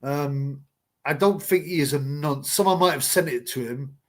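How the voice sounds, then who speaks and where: A man's voice: fairly high pitch, normal speed. A man hosting a casual live boxing chat, rambling and blunt with slang. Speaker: livestream host.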